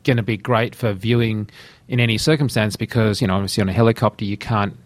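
A man's voice: fairly low pitch, fairly even intonation, quick pace, no echo. A man hosting a podcast, talking in an easygoing, chatty way about his experiences. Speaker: podcast host. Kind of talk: casual podcast interview.

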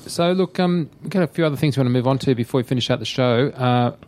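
A man's voice: medium pitch, fast, darkish tone, a little hiss or hum. A middle-aged man co-hosting a podcast, giving frank, wry gear reviews with blunt verdicts. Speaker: podcast co-host.

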